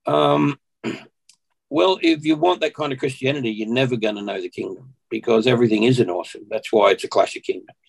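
A man's voice: medium pitch, a little fast, creaky, rough recording. A man with an Australian accent, a podcast guest telling a personal story in conversation, acting out what people said along the way. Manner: animated storyteller who acts out what people said.

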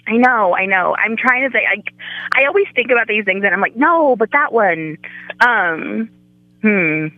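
A woman's voice: medium pitch, moderate pace, no room sound, narrow, tinny audio. A woman guest on a podcast, telling a story in casual chat and acting out the quoted voices.

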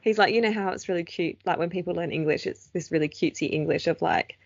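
Woman, casual podcast chat, quick reactions, dry muffled recording. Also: fairly low pitch, creaky, dry recording. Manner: reactive listener, quick exclamations. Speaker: podcast co-host. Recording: dry, slightly dull lo-fi sound.

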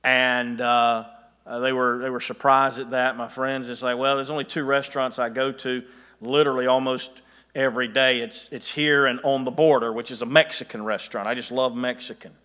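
A man's voice: medium pitch, little pitch movement, moderate pace, bright, forceful tone, in a large hall. A man preaching a sermon in a conversational way, with chuckling asides and frequent restarts. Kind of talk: sermon with anecdotes.

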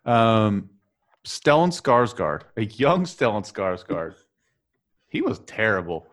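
A man's voice: on the low side, sing-song, slow, a bit bright. A man co-hosting a casual movie podcast, blunt and jokey, swearing freely as he picks at the film. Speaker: podcast co-host. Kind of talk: casual movie review chat.

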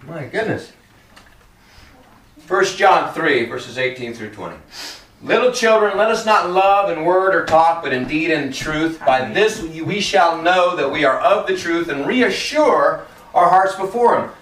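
A man preaching in a lively, swooping voice that sits a little high for a man. He talks to the room like a friend, tossing in jokes and acting out quick dialogues. The sound is roomy and picked up from a few steps back. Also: distant mic. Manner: animated and conversational, joking, acting out quotes. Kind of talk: sermon.

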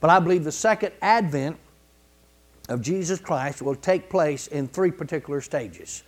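A man preaching a sermon in a folksy, colloquial way, building to emphatic repeated phrases and clearing his throat now and then. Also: a little high, expressive, moderate pace. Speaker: pastor.

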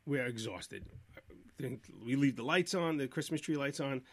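A man's voice: medium pitch, moderate pace. A middle-aged man co-hosting a live podcast, telling rambling family stories full of fillers and restarts. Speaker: podcast co-host. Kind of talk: casual chat, live stream.

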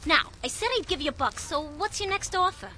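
An actress playing a brash, pushy older woman tourist who talks loud and bossy, in a radio drama. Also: extremely high pitch, expressive, fairly quick, a little hiss or hum, exaggerated voice.

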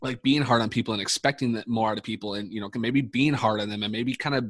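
A man's voice: on the low side, fast talker, no echo. A young man from the United States, a podcast guest, telling a long story in casual chat, swearing freely and full of fillers and restarts.

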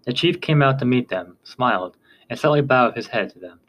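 A man narrating a chapter of a storybook at a steady pace. His voice sits at a middle pitch, and he sometimes stumbles and corrects a word. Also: moderate pace, low-quality recording. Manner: steady reading with occasional slips. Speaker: audiobook narrator.

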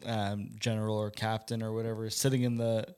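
A man in casual conversation recapping film scenes, pausing with frequent uhs. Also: fairly low pitch, little pitch movement, a little mellow, smooth. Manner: recaps scenes, hesitant with uh and restarts. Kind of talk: casual chat.

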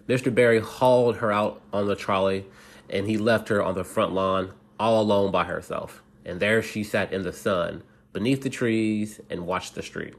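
A man casually reading a bedtime story aloud, halting and restarting often and laughing at himself along the way. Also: on the low side, vocal fry.

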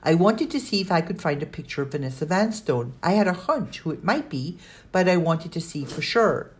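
A woman voicing a clever, cautious girl who speaks in a measured, earnest way. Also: fairly low pitch, lively intonation, a little hiss or hum, voice pushed up, close to an everyday voice.

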